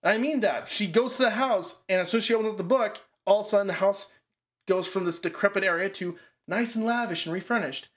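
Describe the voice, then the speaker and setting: A man with a voice a bit higher than most men's talks loosely through a horror film plot. He rambles, fills his sentences with "like" and swears casually. It is relaxed, unscripted chat between friends. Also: fairly quick.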